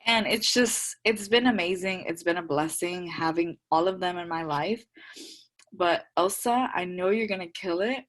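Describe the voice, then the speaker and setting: Fast-talking, heartfelt young Texan woman. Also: fairly low pitch, a bit bright. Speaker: group call speaker. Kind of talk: emotional call sharing.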